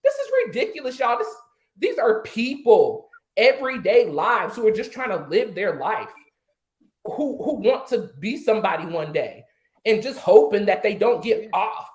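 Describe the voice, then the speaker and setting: A man on an online panel rants with heated indignation, firing off rhetorical questions in impassioned talk. His voice is high and animated at a measured pace, with a roomy echo in the recording.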